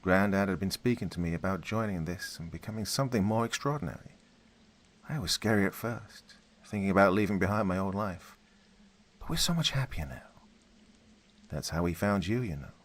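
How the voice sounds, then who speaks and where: A man's voice: sits low, animated, brisk. A man voicing a young woman in a spoken story, soothing and eerily friendly. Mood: eerie calm.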